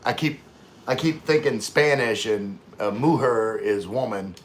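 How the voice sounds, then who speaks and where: A man's voice: mid-range voice, measured pace, a little hiss or hum. Chatty man rambling on a livestream. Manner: rambling, chatty, loses his train of thought. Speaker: livestream host reading viewer comments. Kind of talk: casual livestream chat.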